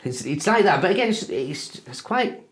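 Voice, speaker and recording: A man co-hosting a casual wine tasting, thinking aloud with many halting restarts. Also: a little high, sing-song, over a noisy crowd. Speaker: wine show co-host. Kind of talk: casual chat. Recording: echoey room.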